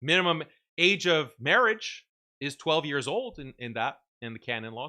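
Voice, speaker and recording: A man's voice: fairly high pitch, lively intonation, a little slow, sharp tone. A man hosting a show, giving combative, mocking commentary and laughing at his own points. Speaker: show host. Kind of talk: argumentative commentary.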